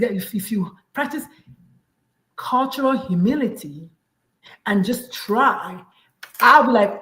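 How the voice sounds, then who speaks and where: A lively woman from Nigeria hosts a casual talk, her voice sitting a little high. She acts out short exchanges in different tones, and the recording carries a noticeable room echo. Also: moderate pace, pauses often. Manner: animated, acts out little dialogues. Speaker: podcast host and parent coach. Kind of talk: casual chat.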